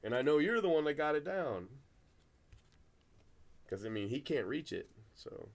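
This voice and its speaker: A man's voice: on the high side, very animated, moderate pace. A middle-aged man hosting a card break, chatting casually and telling rambling stories full of restarts. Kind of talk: casual chat while opening cards.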